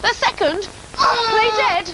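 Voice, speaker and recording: Excitable high-voiced woman presenter. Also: slow, heavy background noise. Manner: excitable, shouting instructions. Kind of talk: lively TV game presenting.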